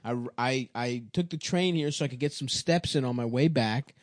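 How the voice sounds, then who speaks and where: A man co-hosting a comedy podcast, playful and quick to play up mock outrage. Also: medium pitch, no echo, studio quality. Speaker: podcast co-host. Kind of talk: crude comedic podcast banter.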